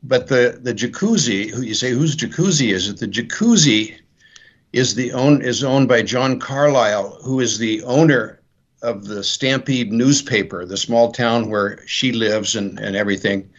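A man's voice: mid-range voice, normal speed. Brief: man, author guest, rambling storyteller who acts out lines, muffled lo-fi sound. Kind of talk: interview, retelling his novel's plot. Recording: dull lo-fi sound.

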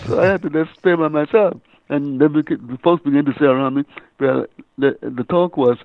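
An older man speaks over a tinny phone line, his voice gravelly with a fry at the edges. He tells his story haltingly, stumbling and repeating words as a guest on a call-in interview. The sound is dry and close. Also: a little high, dry recording. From Bahamas. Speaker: guest author and reverend.

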